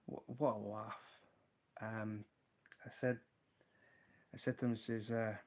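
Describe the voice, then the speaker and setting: A man with a Scottish accent hosting a casual livestream, showing fly-tying materials and telling an animated story, laughing often. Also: fairly low pitch, slow. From Scotland. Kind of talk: casual livestream chat and anecdote.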